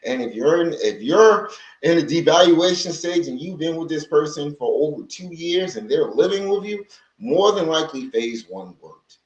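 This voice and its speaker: Male livestream host, lively pitch, chatty and rambling, roomy echo on the mic. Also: moderate pace, lo-fi sound. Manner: rambling, conversational, with many restarts; greets viewers from the chat. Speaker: livestream host on healing from narcissistic abuse. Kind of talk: casual livestream talk. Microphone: livestream microphone.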